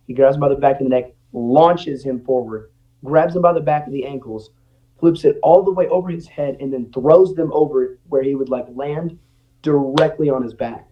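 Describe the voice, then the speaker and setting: A young man who once studied at a ranch appears as a podcast guest, telling stories casually and animatedly while acting out the voices of people he quotes. His voice is medium-pitched, and the recording's highs are cut off.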